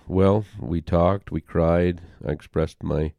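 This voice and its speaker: Very deep gravelly older man. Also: steady tone, warm tone, dry recording. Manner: halting and heartfelt, with pauses and restarts. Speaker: interview guest. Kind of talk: personal storytelling.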